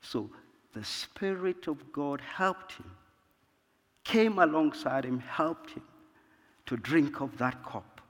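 A man preaching a sermon in a slow, measured way, pausing to cite verse numbers. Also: fairly high pitch, animated. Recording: long reverb of a large hall.

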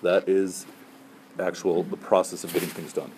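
A man's voice: deep voice, steady tone, normal speed, darkish tone, slight background noise. A middle-aged man, a Muslim chaplain, giving students casual, conversational advice and often checking in with "right?" and "okay?". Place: room with a student group.

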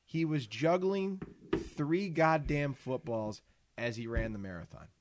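A man co-hosting a casual comedy podcast, loud and profane, laughing often. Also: a little high, measured pace, noisy background. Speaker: podcast co-host.

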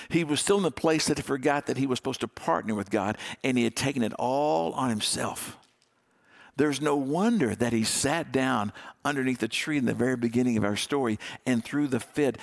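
A man preaching a sermon, dropping to a hush on key words with dramatic pauses. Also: medium pitch, gravelly. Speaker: pastor.

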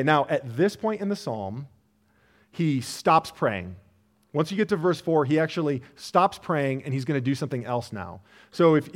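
A man preaching a sermon in an earnest, conversational way, often restarting and saying "like.". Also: a little high. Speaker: pastor. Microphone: church sermon recording.

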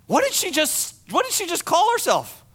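A man preaching a sermon to his congregation, animated and acting out the words of the people in the story. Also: very high-pitched, moderate pace. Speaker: pastor.

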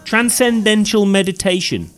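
A man co-hosting a casual podcast, animated and reading facts aloud with hesitant restarts. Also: high voice, moderate pace, clean tone, soft background music. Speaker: podcast co-host.

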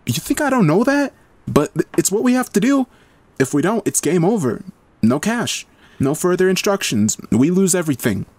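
Bossy young woman, tense and scowling, high pitched, man voicing her. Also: expressive, brisk, few pauses, a little mellow, no room sound. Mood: tense, arguing. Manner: scowling, pushy, raised voice.

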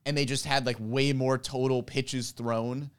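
Man with a smooth, clear voice. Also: mid-range voice, little pitch movement, unhurried. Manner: jokey, then lays out a list analytically. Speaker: podcast co-host. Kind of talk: casual sports podcast chat. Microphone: handheld mic.

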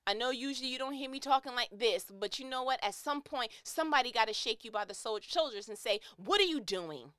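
A woman's voice: a little high, fast, hardly any pauses, fairly bright tone, smooth, no echo, clean studio sound. A woman giving an impassioned, preachy motivational monologue, emphatic and repeating phrases to drive her point home.

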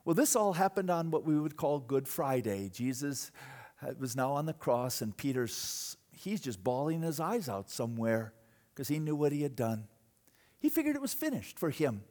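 A man preaching a sermon, telling a story with dramatic swings between loud bursts and hushed moments. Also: mid-range voice, sing-song, moderate pace. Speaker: pastor.

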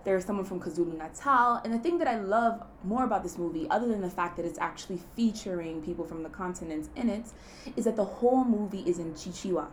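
A woman's voice: mid-range voice, fast. A young woman from Kenya hosts her weekly podcast, talking loosely and playfully. She laughs a lot and fills her sentences with easy asides. A faint hiss sits under her voice. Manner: chatty, laughs often, lots of fillers like "you know". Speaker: podcast host. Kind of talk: casual solo podcast chat.

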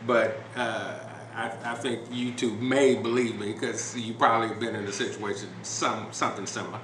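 A man's voice: lowish voice, normal speed. Rambling man telling a story on a podcast. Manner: relaxed, rambling, many fillers and restarts. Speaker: podcast host. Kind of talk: casual storytelling chat. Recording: roomy with background noise.

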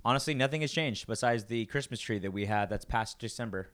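A man's voice: lowish voice, quick pace, a bit bright. A young man hosting a casual podcast chat, joking around and breaking into mock ad reads. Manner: jokey, does mock ad reads. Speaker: podcast host.

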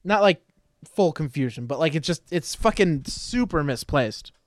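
A man's voice: on the high side, expressive, normal speed, dry recording, studio quality. A man co-hosting a podcast in casual, joking chat, swearing often and rambling. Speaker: podcast co-host.

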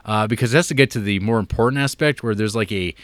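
A man with a somewhat low voice chats about films, hesitant and filler-heavy, often giggling. The sound is dry and close, with no room echo. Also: fast. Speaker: podcast co-host reviewing films. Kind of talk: casual chat.

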